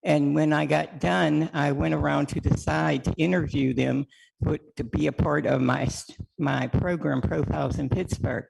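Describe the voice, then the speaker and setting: A woman's voice: deep voice, fairly even intonation, normal speed, vocal fry, darkish tone, slightly rough, rough recording. A woman, a community TV producer, telling a chatty story at a council meeting and acting out the quoted voices. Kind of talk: public comment storytelling.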